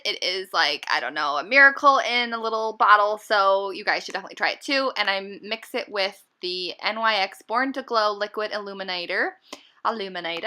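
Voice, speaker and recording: Woman beauty vlogger, very bright tone, casual and chatty tutorial delivery. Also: mid-range voice. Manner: upbeat and chatty, many fillers.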